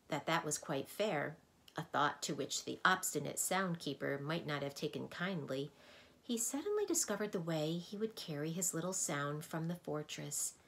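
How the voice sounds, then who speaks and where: Woman, storybook read-aloud, expressive, lower pitch. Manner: expressive, lively narration. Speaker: reader.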